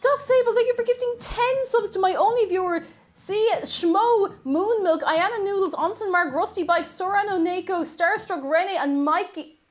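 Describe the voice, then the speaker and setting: A woman hosting a casual livestream, chatting excitably and thanking her viewers. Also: very high voice, moderate pace. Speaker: livestream host.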